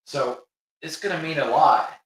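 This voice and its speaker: A middle-aged man with a Northern New York accent co-hosts a relaxed sports chat, easygoing and chiming in with agreement. His voice is bright. He sits back from the mic in a very echoey room. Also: a little high, moderate pace, far from the mic. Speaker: co-host.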